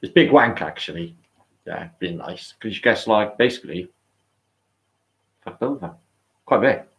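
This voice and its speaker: A man's voice: fairly low pitch, expressive, normal speed. A middle-aged British man hosting a livestream, chatting casually, rambling and swearing as he reads out viewer comments. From Britain. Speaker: livestream host.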